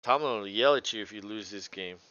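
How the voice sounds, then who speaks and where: A man casually calling a football game play by play, relaxed, laughing often and swearing freely. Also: fairly low pitch, brisk, no echo, muffled recording. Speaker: co-host doing play-by-play.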